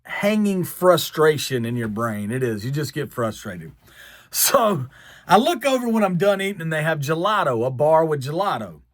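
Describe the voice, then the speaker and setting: A man from the American South with a long drawn-out Southern accent, telling a self-mocking story. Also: fairly high pitch, dry recording, clean studio sound. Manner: drawled, self-mocking, animated. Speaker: vlogger. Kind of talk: storytelling to camera.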